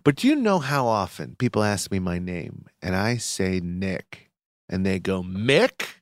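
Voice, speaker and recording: A man with a nasal voice co-hosting a casual podcast, tossing out deadpan, contrary jokes. His pitch swings up and down a lot, and the close mic keeps him dry. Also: measured pace, no echo. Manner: deadpan joking, playful contrarian. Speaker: podcast co-host. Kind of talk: casual chat.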